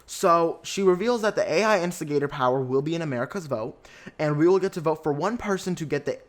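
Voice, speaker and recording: A young man hosting a podcast, recapping reality TV in a chatty, animated way and acting out his own reactions. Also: a little high, quick pace. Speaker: podcast host.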